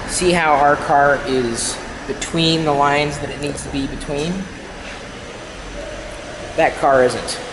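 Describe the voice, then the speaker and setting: A man's voice: on the high side, steady tone, slow, long pauses, noisy background. A man hosting a casual vlog, joking with his partner and describing the food at a restaurant. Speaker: vlog host. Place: restaurant and parking garage.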